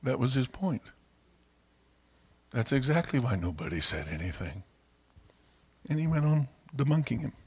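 A man preaching a sermon, telling stories and acting out quoted voices with loud, high outbursts. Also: sing-song, normal speed, long pauses, husky. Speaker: pastor.

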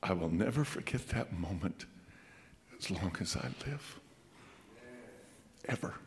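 A man preaching a sermon, telling a childhood story in a folksy, halting way and going quiet at the tender parts. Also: low-pitched, animated, long reverb tail. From Colorado, USA. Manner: folksy, halting storyteller who drops to a hush at emotional points.

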